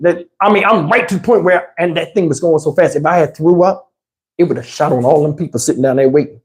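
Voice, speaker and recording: Texan man vlogger, loose animated storyteller, swears and laughs, acts out voices. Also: a little high, quick pace. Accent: Southern US, Texas. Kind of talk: casual storytelling.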